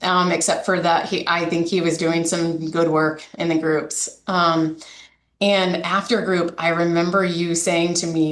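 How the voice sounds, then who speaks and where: A woman's voice: on the low side, little pitch movement, measured pace, fairly bright tone, roomy sound. A woman who directs a domestic violence coalition, candidly recounting a story in an interview, with many fillers and restarts.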